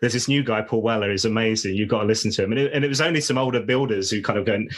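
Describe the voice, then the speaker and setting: A man's voice: lowish voice, racing. A man hosting a fan podcast, asking eager questions and sharing his own fan memories. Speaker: podcast host. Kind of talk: podcast interview.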